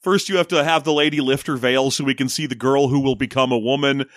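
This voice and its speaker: Guy recapping a movie on a podcast, bright voice, kinda high, dry close mic. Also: fairly even intonation, dry recording. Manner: joking, quick to laugh. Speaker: podcast co-host. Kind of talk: casual movie recap chat.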